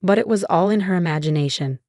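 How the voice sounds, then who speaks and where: A woman giving steady, scripted first-person narration of a family drama story. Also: on the low side, fast talker, no echo, studio quality.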